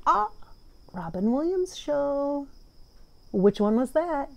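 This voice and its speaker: A woman who works as a spiritual medium, leading a guided breathing meditation in a soft, unhurried, dreamy way that often trails off. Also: sits high, animated, creaky.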